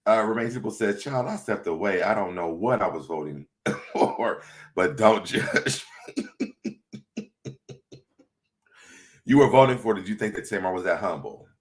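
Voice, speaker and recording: A man's voice: lowish voice, lively intonation, a little slow, pauses often. A man hosting a casual livestream, chatty and laughing often as he reads viewer comments aloud. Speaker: livestream host.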